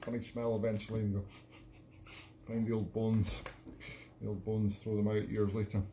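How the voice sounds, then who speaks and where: A man's voice: fairly low pitch, level tone, normal speed, warm tone, slight background noise. A Scottish man hosting a live home music stream, rambling and joking between songs in a casual chat. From Scotland. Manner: jokey, rambling, self-mocking. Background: accordion music.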